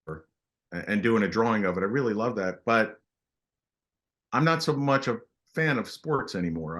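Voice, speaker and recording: A middle-aged man telling stories as a guest in a casual interview, animated and halting with frequent restarts. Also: fairly low pitch. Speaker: guest artist.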